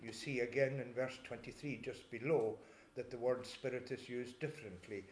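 A man preaching a sermon in a church, reading scripture slowly and explaining it in a measured way, with frequent throat clearing. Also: mid-range voice, steady tone, a little mellow, slight background noise. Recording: echoey church room.

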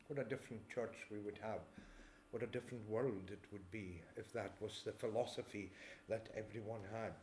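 A man preaching a sermon in a church, reading scripture slowly and explaining it in a measured way, with frequent throat clearing. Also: on the low side, fairly even intonation, a little mellow, a little hiss or hum. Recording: echoey church room.

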